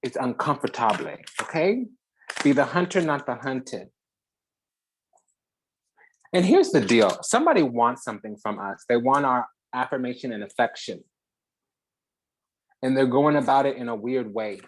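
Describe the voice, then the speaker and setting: Give me a mid-pitched spiritual channel host doing a fiery, profane reading with big dramatic pauses. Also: big pitch swings, a little hiss or hum. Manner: heated and profane, swinging between loud and hushed.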